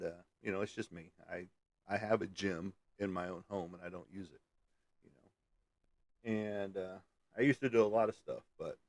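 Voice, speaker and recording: A man with a lowish, darkish voice chats casually on a livestream with no echo, rambling in a folksy way and chuckling while responding to viewers' comments.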